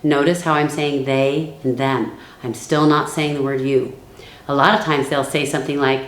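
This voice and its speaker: A woman giving a calm training lesson for network marketing builders. She acts out the sales lines she uses. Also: low voice, normal speed, reverberant.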